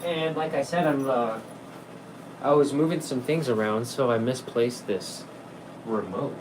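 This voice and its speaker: A man chatting on a livestream in a rambling, unscripted way, swearing freely and laughing often. His voice sits at an ordinary middle pitch, and a faint hum of air conditioning runs under it. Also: unhurried. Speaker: livestream host. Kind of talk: casual livestream chat.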